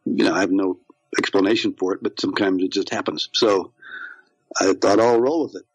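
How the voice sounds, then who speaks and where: A man's voice: low-pitched, fairly even intonation, fairly quick, slightly rough, no echo, low-quality recording. A man, an actor, chatting as a podcast guest, rambling with many fillers and restarts. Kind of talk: casual interview chat.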